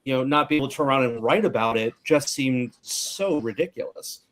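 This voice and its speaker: A man's voice: medium pitch, a little fast, a bit bright. Jokey male interview host. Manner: jokey, playful slang, stumbling restarts. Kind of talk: casual interview chat.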